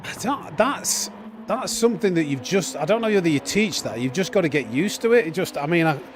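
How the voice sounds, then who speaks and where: A man's voice: fairly high pitch, lively intonation, a little fast, slight background noise. Chatty man streaming. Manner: chatty, reads chat aloud, frequent restarts and fillers. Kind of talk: casual live-stream chat.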